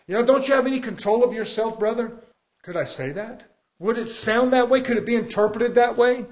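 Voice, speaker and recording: High-voiced preaching man. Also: brisk. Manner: preaching with rising emphasis and rhetorical questions. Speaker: pastor. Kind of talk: sermon.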